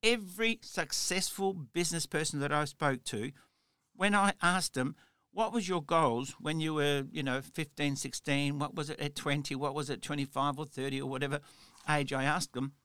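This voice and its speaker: A man's voice: a little high, moderate pace, bright, forceful tone, clear, resonant tone, no room sound. A middle-aged man hosting a solo motivational podcast, talking in an earnest, rambling way full of "you know". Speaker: podcast host.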